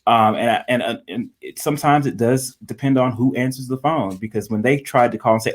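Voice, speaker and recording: A man's voice: medium pitch, fairly quick, hardly any pauses. A man, a guest on a live panel, speaking hesitantly with many fillers.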